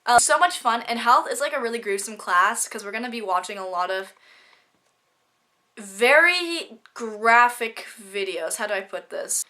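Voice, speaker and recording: A woman's voice: on the high side, bright, forceful tone. A teenage girl vlogging about her school classes in a bubbly, gushing way, sounding stuffy from a cold. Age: teens. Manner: bubbly, gushing, rapid chatter. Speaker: student vlogger. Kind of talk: casual vlog chat.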